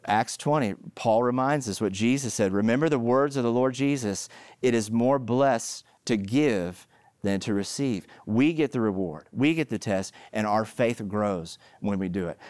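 A middle-aged male pastor preaches a sermon, telling stories with an animated, emphatic delivery that climbs to loud peaks. His medium-pitched voice is clear and resonant at a normal speed, with no echo.

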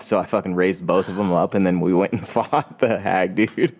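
A man's voice: low voice, fairly even intonation, moderate pace, hardly any pauses, darkish tone. A man co-hosting a casual gaming podcast, explaining his playthrough in a laid-back, matter-of-fact way. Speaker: podcast co-host.

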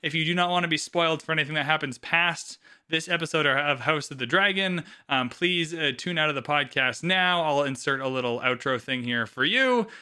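A man's voice: on the high side, fairly quick, hardly any pauses, bright, forceful tone, smooth. A man co-hosting a podcast, talking casually and swearing freely as he gives his opinions. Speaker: podcast co-host.

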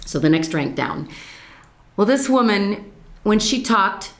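Animated older woman telling war stories. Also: mid-range voice, slow pace, creaky, roomy sound. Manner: animated, laughs through her stories. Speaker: veteran telling her story. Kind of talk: casual storytelling chat.

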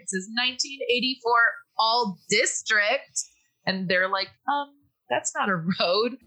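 A woman's voice: medium pitch, bright, forceful tone, low-quality recording. A woman hosting a casual podcast, recapping a movie in a chatty way, laughing often and briefly acting out the characters' lines. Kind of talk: casual chat.

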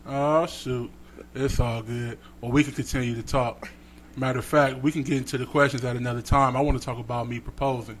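A man's voice: medium pitch, a little fast, a little hiss or hum. A man on a podcast, casually telling a story and acting out the voices of the people in it. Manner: animated storyteller, acts out voices. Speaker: podcast co-host.

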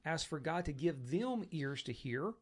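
A man speaking in a reflective, measured way in a casual conversation. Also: fairly high pitch, lively intonation.

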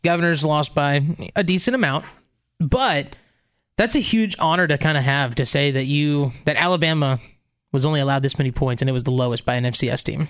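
A man's voice: a little high, a little fast, fairly bright tone, smooth. A man co-hosting a sports talk show, laying out schedules and stats in an informative way. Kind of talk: sports talk, previewing games.

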